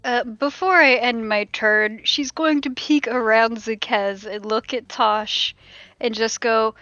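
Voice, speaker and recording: A woman playing a tabletop game, talking in a relaxed, chatty way. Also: on the high side, a little slow, dry recording, muffled recording. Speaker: player. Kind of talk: casual tabletop game play.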